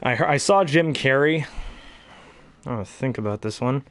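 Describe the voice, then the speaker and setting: A man's voice: medium pitch, normal speed, a bit bright, dry recording. A young man casually chatting between impressions, rambling and hesitant with many fillers. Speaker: hobby voice actor.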